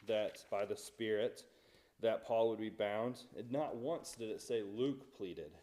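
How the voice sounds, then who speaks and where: A man's voice: fairly low pitch, a little mellow. A man teaching a Bible study in a church, talking conversationally and asking the class questions.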